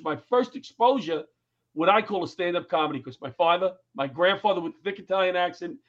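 Animated New man telling stories. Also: sits high, highs cut off. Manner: animated storyteller, acts out quotes in raised voice. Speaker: guest comedian and former firefighter. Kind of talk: storytelling in casual interview chat.

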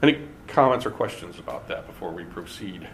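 Male Bible teacher, measured lecture delivery, faint background hiss. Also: low voice, expressive, a bit bright. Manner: deliberate, stresses key words with pauses.

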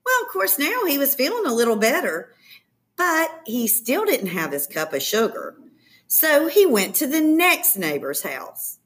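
A woman reading a children's story aloud in an expressive, playful storytelling manner. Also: sits high, unhurried.

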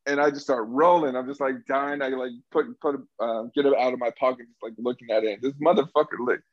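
Young man, casual storyteller, animated and swearing freely, slightly dull dry recording. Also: medium pitch, quick pace, no echo. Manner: animated, laughing, heavy swearing.

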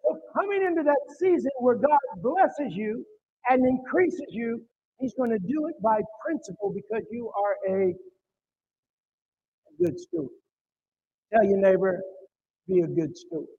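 A man's voice: very high-pitched, sing-song, unhurried, pauses often, a little mellow, slightly rough. A male pastor preaching a sermon in church, emphatic and calling on the congregation to answer back, in a dull, muffled recording.

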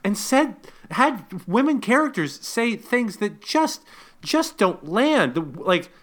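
A man giving wry, critical movie commentary in casual podcast chat. His voice sits slightly high for a man and has a bright, forward tone. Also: big pitch swings, takes it slowly. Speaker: podcast co-host.

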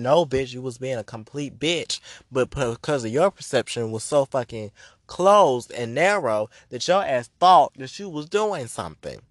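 A man rants straight into the mic, blunt and heavy on the profanity, in a dry, close-sounding recording. His pitch sits in an ordinary middle range for a man, and he hammers each point home as a spiritual reader talking to his listeners. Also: lively intonation, moderate pace, dry recording. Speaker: spiritual reader and podcast host. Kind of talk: ranting podcast monologue.

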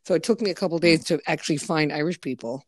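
An animated American woman swears freely and slips into quoted voices as she chats. Her voice sits a little low. The sound is close and dry. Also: no room sound. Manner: animated, profane, quick to act out quotes. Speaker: massage therapist. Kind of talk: casual podcast chat.

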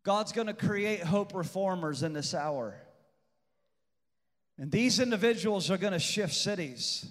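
A man preaches with a high voice, building to shouts and dropping to intense hushed stretches. He hammers phrases by repeating them. His voice rings out with a long reverb in a large church hall. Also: animated, a little slow. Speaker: pastor. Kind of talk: preached sermon.

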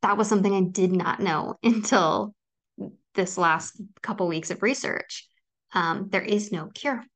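A woman hosts a personal solo podcast, speaking earnestly and reassuringly to her listeners with frequent ums. Her voice is mid-range and unhurried.

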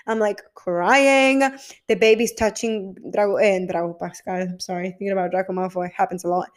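A woman's voice: mid-range voice, steady tone, normal speed. A young woman vlogging casually about a TV episode, gushing and emotional, swearing freely and acting out quotes. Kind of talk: casual chat.

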